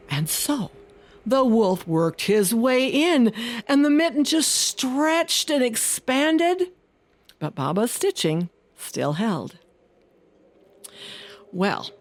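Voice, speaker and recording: Expressive woman telling a children's story. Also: mid-range voice, a little hiss or hum. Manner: expressive, singsong telling with slowed emphasis.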